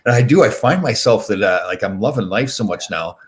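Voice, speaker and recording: Man, host, from Canada, casual chat, energetic, quick, lower pitch. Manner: fast, fired-up talker.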